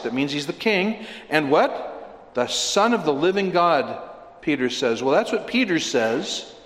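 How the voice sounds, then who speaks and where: A man's voice: mid-range voice, fairly bright tone. Male preacher in an echoey hall. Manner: earnest, questioning the listeners, rising to emphatic peaks. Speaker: pastor. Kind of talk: expository sermon.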